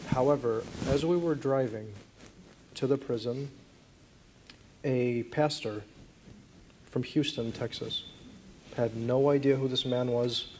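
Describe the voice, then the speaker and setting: A man in his thirties speaks as a guest in a conference interview, at an ordinary pitch for a man. He tells a personal story earnestly, in halting phrases with frequent restarts. Faint room noise sits under his voice. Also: a little mellow.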